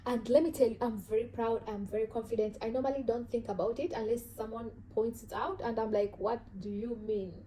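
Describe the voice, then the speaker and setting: A woman's voice: fairly high pitch, steady tone, quick pace, hardly any pauses, dark tone, slight background noise, low-quality recording. A woman with an African accent, talking casually to camera about self-growth in an earnest, reflective way, often restarting and repeating words. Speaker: vlogger.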